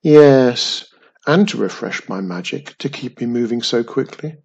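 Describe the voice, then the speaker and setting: A man voicing a grumpy male talking flying castle, booming and loud, with old-fashioned phrasing. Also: lively intonation, a little slow, gravelly, slightly rough, highs cut off, heavily acted.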